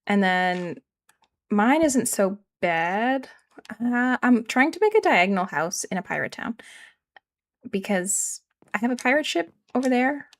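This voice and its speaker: A woman's voice: fairly high pitch, lively intonation, unhurried. A woman from Canada with a regional Canadian accent, chatting casually with her live-stream audience while building in a game, rambling and self-deprecating.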